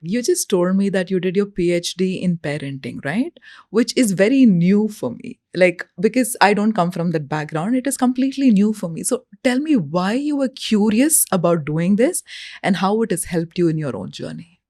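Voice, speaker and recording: A woman's voice: medium pitch, animated, moderate pace, mellow, no room sound. Lady hosting, affirming, asks open questions, dry close sound. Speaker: host. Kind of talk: interview.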